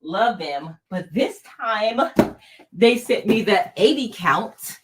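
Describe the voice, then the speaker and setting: A woman hosts a casual crafting livestream over a very noisy background, her medium-pitched voice slow with lively intonation. As a crafting channel host, she's bubbly and chatty, laughing often and speaking straight to her viewers.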